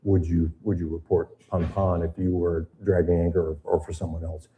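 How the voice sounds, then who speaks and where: A man's voice: deep voice, flat delivery, normal speed, phone-quality sound. An older American man giving a seminar talk to an audience, explaining things conversationally with frequent fillers. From United States. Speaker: seminar presenter. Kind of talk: boating safety seminar talk.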